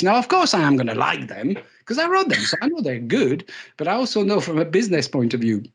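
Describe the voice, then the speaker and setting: Male keynote speaker, slightly higher register, animated storyteller with dry self-mocking jokes. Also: a little fast, breathy edge. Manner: lively storytelling, self-deprecating humour, repeats words for emphasis. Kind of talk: live leadership talk.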